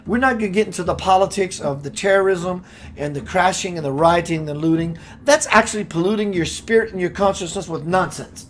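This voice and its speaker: Preachy spiritual host, rhyming, swinging loud-soft. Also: male voice, high voice, a little hiss or hum. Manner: preachy, with playful rhymes and sudden swings between loud and hushed. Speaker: spiritual radio show host. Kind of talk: impassioned spiritual talk.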